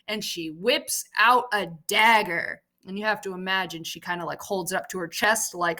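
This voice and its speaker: A woman's voice: mid-range voice, expressive, normal speed, hardly any pauses, a bit bright. A young woman teaching a casual literature lesson. She explains the scene in a chatty way and uses slang.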